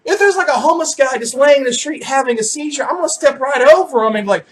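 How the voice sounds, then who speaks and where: A man's voice: very high voice, lively intonation, fast, hardly any pauses, a bit bright. A young man vlogging a swearing, self-mocking comedic rant straight to the camera.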